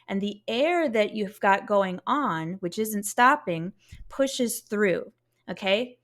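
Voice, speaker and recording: A woman's voice: medium pitch, expressive, a little slow, a bit bright. A woman teaching a beginner saxophone lesson, explaining patiently step by step and sounding out syllables to demonstrate.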